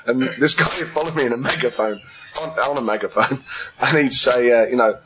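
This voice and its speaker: A man's voice: medium pitch, a little fast. A man, a stand-up comedian, telling a funny story on a comedy panel and laughing often. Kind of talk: comic panel chat, anecdote. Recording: noisy live venue recording.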